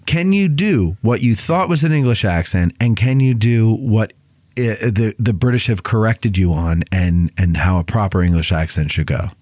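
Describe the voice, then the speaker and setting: A man's voice: lowish voice, moderate pace, a little mellow, no room sound. A man hosting a podcast in casual chat, playful and teasing with his guest. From USA. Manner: playful and teasing, jumps into put-on voices. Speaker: podcast host.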